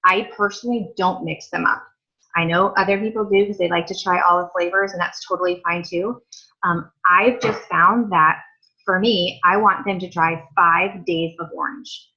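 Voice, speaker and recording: A woman's voice: on the low side, pushed and bright. A woman leading a sales team training, chatty and upbeat with lots of asides. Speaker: team leader. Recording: dull lo-fi audio.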